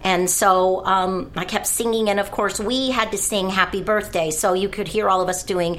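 A woman from California, a guest performer on a talk radio show, telling a lively anecdote and acting out voices and snatches of song. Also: medium pitch, normal speed. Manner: lively storyteller, acts out voices and sings bits.

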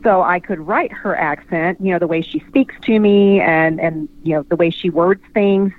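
A woman author talks casually over a tinny phone line. Her voice sits a little low, and she often stops to hunt for a word. The tone stays relaxed and conversational. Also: moderate pace. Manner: chatty, searching for words. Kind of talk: casual call-in chat.

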